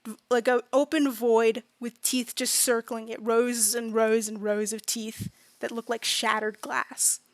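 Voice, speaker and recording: A woman's voice: a little high, little pitch movement, measured pace, no echo. A woman game master casually narrating a tabletop game, with many fillers in her descriptions.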